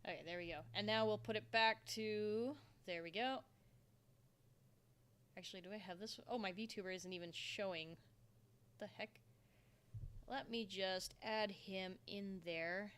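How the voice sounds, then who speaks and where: A young woman in a casual live stream, talking into a desk mic from her home setup. Her pitch sits in an ordinary middle range. She rambles freely, muttering to herself as she works and turning to answer viewers' questions. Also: a little slow, pauses often, fairly bright tone, clear, resonant tone. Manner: rambling, talks to herself while working, answers chat. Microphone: desktop microphone.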